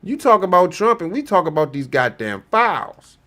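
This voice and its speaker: A man's voice: high-pitched, sing-song, normal speed, pushed and bright. Heated, profane male commentator. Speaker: show host reacting to clips. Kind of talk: livestream commentary.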